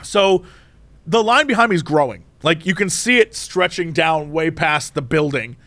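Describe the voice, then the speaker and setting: A man's voice: fairly high pitch, normal speed, pushed and bright, no echo. A man co-hosting a podcast, animatedly retelling a story in casual chat with laughter. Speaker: podcast co-host.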